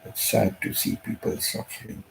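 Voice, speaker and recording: A man hosting a live stream from home, talking softly and emotionally, often repeating his words. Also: moderate pace, slight background noise, rough recording. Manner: soft-spoken, repeats himself, emotional. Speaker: channel host.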